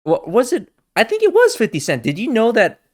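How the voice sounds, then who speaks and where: A man's voice: very high voice, huge pitch swings, brisk. A young man co-hosting a podcast, casually chatting, joking and swearing a lot. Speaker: podcast co-host. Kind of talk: casual chat.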